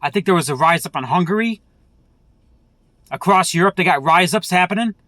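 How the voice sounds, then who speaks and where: A man vlogs an angry political rant, cursing freely and circling back over the same points. His voice sits high for a man. The sound is close and dry, with no room behind it. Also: expressive, fairly quick, sharp tone, no room sound. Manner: profane, heated, repetitive. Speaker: vlogger.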